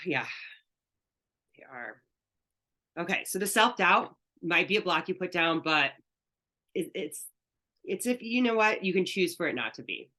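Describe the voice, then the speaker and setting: Bright-voiced woman spiritual coach. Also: deep voice. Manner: earnest, conversational, candid. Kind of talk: online coaching class.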